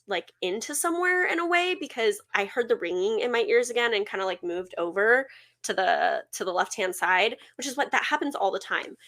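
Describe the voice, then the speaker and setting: A woman's voice: on the high side, sharp tone. A young woman co-hosting a podcast, chatting casually and telling a long personal story with lots of "like" fillers. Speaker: podcast co-host. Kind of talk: casual chat.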